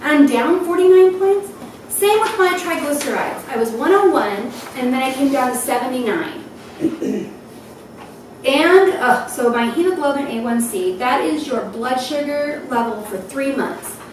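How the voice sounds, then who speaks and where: A woman's voice: high voice, expressive, unhurried. A woman giving an emotional personal testimony at a health event, laughing through tears as she talks. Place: event hall. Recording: distant, echoey hall with noise.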